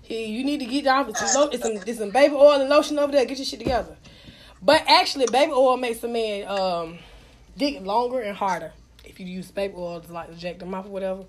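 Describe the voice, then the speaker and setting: A woman's voice: fairly high pitch, quick pace. A woman in her thirties telling frank, profane stories in casual chat, acting out what others said. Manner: blunt, profane, animated, acts out quotes.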